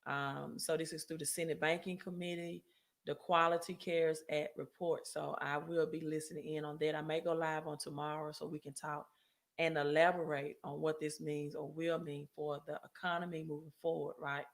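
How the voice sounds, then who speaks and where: A woman's voice: low voice, little pitch movement, moderate pace, creaky. A woman hosting a casual finance livestream, talking loosely to viewers, often checking in with "right?" and correcting herself mid-sentence. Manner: chatty, frequent "right?" tag questions and self-corrections. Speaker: credit and finance livestream host.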